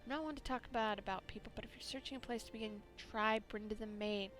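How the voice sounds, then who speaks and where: A proud, prickly household servant takes offense at every question, read by a woman. The voice is a touch high, with soft music behind. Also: fairly even intonation, fast talker, natural voice. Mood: indignant. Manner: prickly, formal. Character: haughty, indignant household servant.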